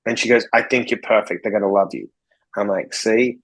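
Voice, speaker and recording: A man's voice: fairly low pitch, steady tone, a little fast, a bit bright, poor audio. A man from Australia, a podcast guest, telling stories bluntly and swearing freely as he acts out conversations. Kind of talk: casual interview storytelling.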